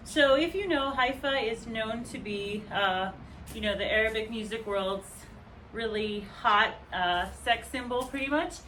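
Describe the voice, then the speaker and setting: A woman's voice: a little high, measured pace, sharp tone, recorded from a distance, a little hiss or hum. A young woman teaching a dance routine, explaining in a chatty way with fillers and counting the beats aloud as she demonstrates. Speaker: dance instructor. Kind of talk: dance tutorial. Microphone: camera mic from a distance. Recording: roomy echo, voice set back from the mic.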